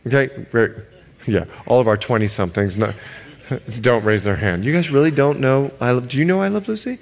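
A male pastor from the Bahamas preaching a sermon. He stretches key words slowly for emphasis and jokes with the congregation. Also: mid-range voice, gravelly.

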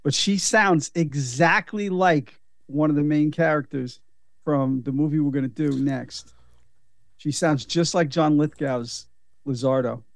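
A man's voice: a little high, unhurried, no room sound. A man co-hosting a podcast, talking about a film in an emphatic, enthusiastic way and swearing freely. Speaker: podcast co-host. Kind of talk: casual movie review chat.

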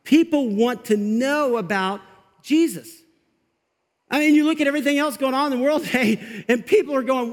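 A male pastor preaching an energetic, conversational sermon in a church, with quick asides to the congregation. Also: very high voice, in a large hall. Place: church sanctuary.

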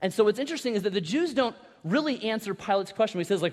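A man preaching a sermon as pastor, in a conversational style with animated asides and repeated words. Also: high-pitched, quick pace. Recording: long reverb of a large hall.

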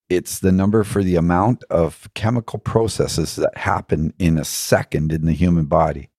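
A man's voice: low-pitched, darkish tone, dry recording, studio quality. A middle-aged man telling his own story on a podcast, earnest and reflective, often laughing and acting out other voices. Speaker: podcast guest.

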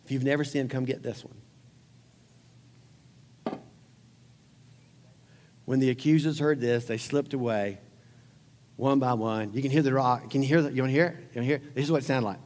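A man preaching a sermon as pastor, conversational and animated, acting out scenes and closing in prayer. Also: mid-range voice, quick pace, long reverb tail, a little hiss or hum.

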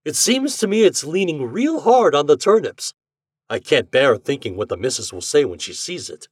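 A man's voice: on the high side, sing-song, normal speed, breathy edge, dry recording, studio quality, voice pushed up. A man voicing a worried rustic male landlord who frets in a raised, rustic voice. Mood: fretful.

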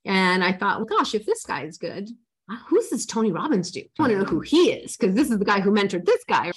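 A woman's voice: mid-range voice, sing-song, a little fast, husky. A woman in her forties speaks as a life coach in an interview. She tells her own story earnestly and with feeling. Her words often trip and restart as she gets emotional.

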